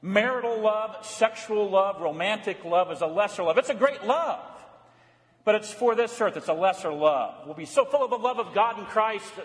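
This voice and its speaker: High-voiced preaching man in a reverberant church. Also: a bit bright. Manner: emphatic preaching, asks and answers his own questions. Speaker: pastor. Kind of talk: sermon.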